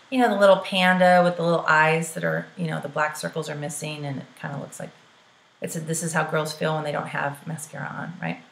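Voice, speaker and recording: A woman's voice: fairly low pitch, creaky, fairly bright tone. A woman giving sales coaching to the camera, chatty and peppy, often checking in with "right?" and calling her listeners "girl". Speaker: direct sales trainer. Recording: roomy echo.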